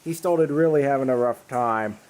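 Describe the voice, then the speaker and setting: A man's voice: medium pitch, normal speed, a little mellow. A man making a comedic video, swearing often and ranting in an exasperated, rambling way that keeps stopping and restarting. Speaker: video creator. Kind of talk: profane comedic rant to camera.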